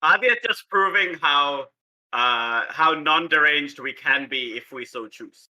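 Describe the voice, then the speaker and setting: A man chatting on a tabletop game podcast, playful and teasing with quick asides. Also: on the high side, sharp tone, poor audio. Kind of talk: casual podcast chat.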